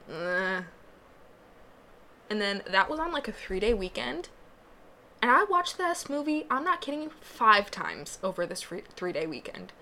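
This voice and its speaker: A woman's voice: a little high, a bit bright. Rambling young woman podcast host. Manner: rambling, self-interrupting, laughs often. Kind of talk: casual solo podcast chat. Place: small booth.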